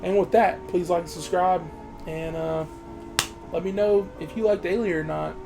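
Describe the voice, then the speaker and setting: A man's voice: high voice, steady tone, normal speed, gravelly. Guy going off on a swear-filled rant at the camera, super heated, faint music behind. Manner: heated, swears heavily, talks straight to viewers. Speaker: movie reviewer. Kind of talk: profane ranting monologue.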